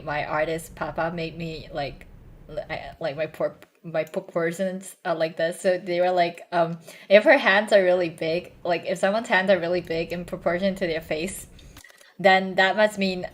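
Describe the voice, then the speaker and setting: A young woman streamer chatting casually with a hoarse, strained voice, stumbling over restarts and fillers. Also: lowish voice. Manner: halting, many restarts and ums, self-conscious.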